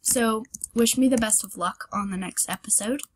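A young woman runs her own gaming channel, talking at a moderate pace in a fairly high voice. She rambles through casual, self-deprecating commentary on a parkour game, yelping whenever she fails, while keyboard clicks sound in the background.

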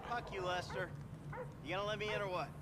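An actor playing a gruff male protagonist in a video game. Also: high-pitched, flat delivery, quick pace, heavy background noise, natural voice.

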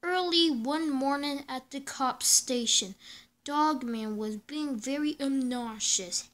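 A woman's voice: sits high, slow, a bit bright. A woman reading a comic book aloud in a playful way, tossing in sound effects and sometimes stumbling over her words. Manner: playful, doing sound effects and funny voices.

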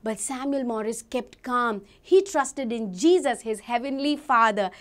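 A young adult woman with an Indian English accent telling a Bible story to children, animated and asking them questions. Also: on the high side, unhurried. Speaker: Sunday school teacher.

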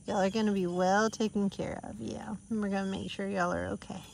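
A Southern American woman filming herself outdoors, sweet-talking animals in a soft, cooing baby-talk voice. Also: medium pitch, fairly even intonation, brisk, creaky, a little hiss or hum. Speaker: vlogger and mother on a family farm. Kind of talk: casual vlog, coaxing animals. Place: outdoors on a rural roadside.

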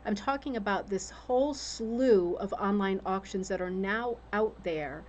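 A woman's voice: medium pitch, unhurried, darkish tone, muffled recording. A woman hosting a casual craft livestream from a room upstairs at home, chatting and greeting viewers by name. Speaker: host of a rug hooking livestream. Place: room on a home's second floor with a fan. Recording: faint room noise, fan hum.

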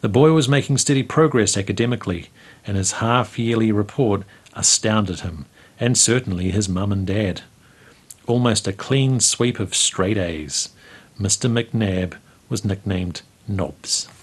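A man, reading a memoir aloud in a measured, storytelling way as the show's host. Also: lowish voice, husky. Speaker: host reading local history stories. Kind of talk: read-aloud memoir narration.

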